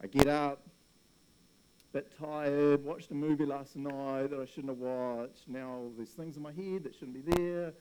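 Man, pastor, casual sermon, joking, animated. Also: mid-range voice, measured pace, background noise.

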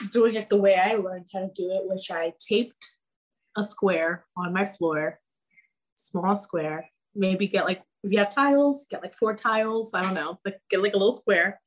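Woman, dance teacher guest, casual and chatty, average pitch, fillers galore. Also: unhurried. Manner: chatty, many "like" fillers, laughs often. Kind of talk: casual podcast chat.

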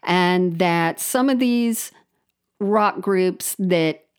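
Woman, unhurried delivery, lowish voice, wry and chatty, podcast co-host. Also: smooth. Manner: chatty, wry storytelling with tangents. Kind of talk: casual chat.

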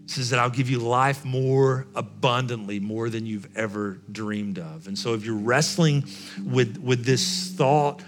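A man's voice: medium pitch, fairly even intonation, unhurried, faint music behind. Man preaching with repeated, emphatic phrases. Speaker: pastor. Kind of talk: sermon.

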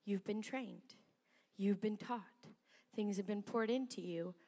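A middle-aged woman pastor preaching a sermon, chatty and animated, laughing often as she tells stories. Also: medium pitch, a little slow, in a large hall. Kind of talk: sermon storytelling. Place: church sanctuary.

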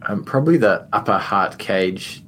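A man's voice: on the low side, animated, normal speed, a bit bright, a little hiss or hum. A man playing a rogue in a tabletop game, speaking casually and jumping animatedly into bits for his character. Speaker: player.

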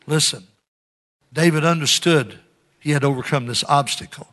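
A middle-aged man preaching a sermon to his congregation, calling for amens and swinging between loud emphasis and hushed asides. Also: fairly high pitch, moderate pace. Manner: call-and-response preaching, urging amens. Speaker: pastor.

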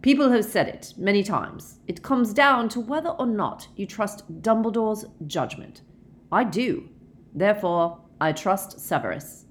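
A woman reading a calm, weary middle-aged werewolf man, measured and gentle in an audiobook. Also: medium pitch, pitched above the performer's own voice, close to an everyday voice.

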